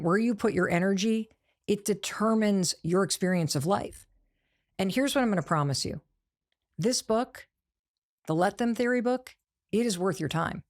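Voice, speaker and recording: A woman's voice: mid-range voice, normal speed, a little mellow. A woman talks straight to her audience in an earnest, emphatic vlog. Her voice sits in a middle register, close to the mic. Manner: earnest, emphatic direct address to viewers. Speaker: author and host. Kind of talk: direct-to-camera vlog.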